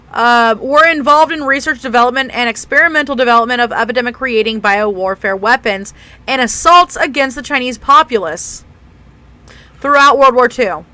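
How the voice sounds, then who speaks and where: High bright-voiced woman co-host. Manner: reads notes with stumbles, laughs often. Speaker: podcast co-host. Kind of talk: casual group chat, reading history notes.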